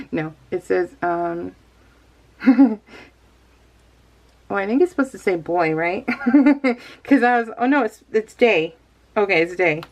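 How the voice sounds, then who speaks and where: Giggly woman unboxing craft stuff, rambly and chatty, bit of vocal fry. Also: medium pitch, animated, slow, pauses often, a little mellow, dull audio. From California. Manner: chatty, giggly, talks to herself. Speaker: crafting vlogger. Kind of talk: casual unboxing chat.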